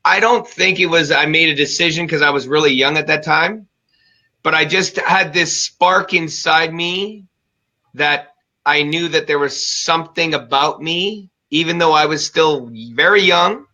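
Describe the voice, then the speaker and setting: Man hosting a chat, emphatic and fired up, bright edgy voice, slightly dull lo-fi sound. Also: fairly high pitch. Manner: fired-up, emphatic and fast-talking. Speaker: show host. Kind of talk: energetic conversational interview.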